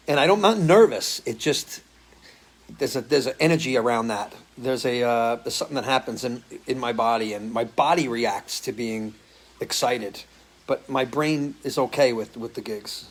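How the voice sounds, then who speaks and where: A man hosting a live stream as a musician, chatting casually and answering viewer comments, loose and swearing freely. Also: medium pitch. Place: home, living in Florida.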